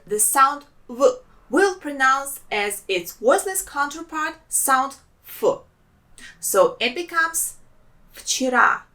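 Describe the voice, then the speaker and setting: A woman from Russia with a Russian accent, teaching an online language lesson and sounding words out slowly, syllable by syllable. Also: on the high side, bright, forceful tone. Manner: slow, careful syllable-by-syllable pronunciation drills.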